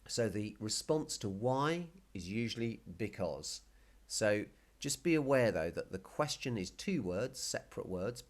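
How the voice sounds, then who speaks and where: A man teaching a casual Spanish lesson, patiently explaining and repeating words. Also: on the low side. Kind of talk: casual video language lesson.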